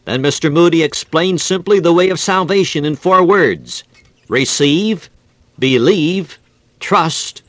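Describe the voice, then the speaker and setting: A man's voice: fairly high pitch, no echo. A man preaching a fervent sermon in an old-fashioned preaching cadence, telling stories and making appeals to his listeners.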